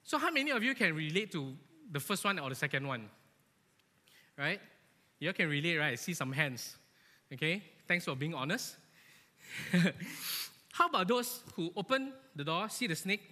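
A man giving a lively, joking sermon to a church, animated and often asking his listeners "right?", in an echoey church hall. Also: on the high side, moderate pace. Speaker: church speaker.

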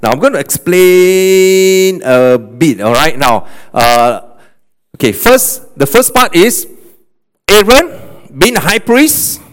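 A male pastor preaching a sermon, animated, often checking in with "okay" and "all right?". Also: high-pitched, slow pace. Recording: long hall reverb.

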